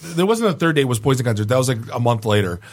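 A man at a middle pitch spins a long embarrassing story for his podcast co-hosts. He talks in an animated way and keeps breaking into chuckles as the story goes on. The chat is loose and casual. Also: fast talker.

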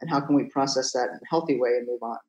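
A man's voice: mid-range voice, rapid-fire, a little mellow, muffled recording. Reflective man in a roomy space. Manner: thoughtful, reflective explaining. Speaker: podcast guest, college teacher. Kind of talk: conversational interview.

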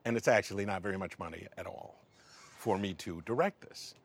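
In a lowish voice at normal speed, with no echo, a middle-aged interview guest who works in film relates an anecdote. His delivery is wry and animated, and he acts out the conversation.

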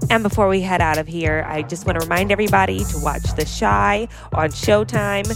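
A woman's voice: medium pitch, brisk, vocal fry, over music. Chatty woman co-hosting a podcast. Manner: chatty, animated, plays out quotes. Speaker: podcast co-host. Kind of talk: casual podcast chat.

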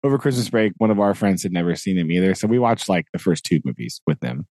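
A man in a casual podcast chat, animated and quick to laugh. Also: deep voice, no room sound.

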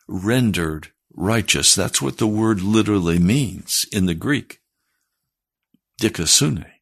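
Husky-voiced man preaching. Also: sits low, lively intonation, slow pace, fairly bright tone. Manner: earnest preaching, rising to fervent emphasis. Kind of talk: sermon.

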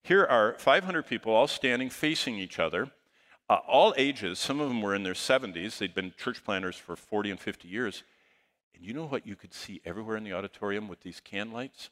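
A male pastor telling a story in a sermon, animated, swinging between loud bursts and hushed asides. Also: on the low side, fairly quick. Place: church auditorium. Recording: long hall reverb.

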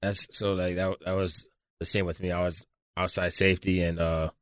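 A man's voice: sits low, flat delivery, normal speed, fairly bright tone, no echo. A man co-hosting a podcast who says little and drops dry quips in casual chat. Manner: few words, dry quips.

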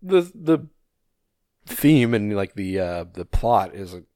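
A man with a fairly low voice co-hosts a podcast in relaxed, rambling chat. He leans on fillers and drops casual swears. The sound is close and dry. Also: takes it slowly, dry recording. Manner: laid-back, swears often, many fillers. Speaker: podcast co-host.

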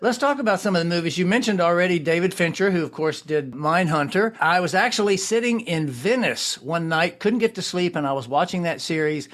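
A man's voice: high voice, animated, fairly quick, few pauses, fairly bright tone. A man hosting an interview, asking curious questions and encouraging his guest. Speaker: interview host. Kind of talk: podcast interview.

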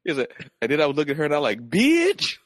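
A man hosting a podcast in casual comedic chat, joking and acting out quick bits. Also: fairly high pitch, steady tone, dry recording, studio quality. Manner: jokey, laughing, acts out quick bits. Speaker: podcast host.

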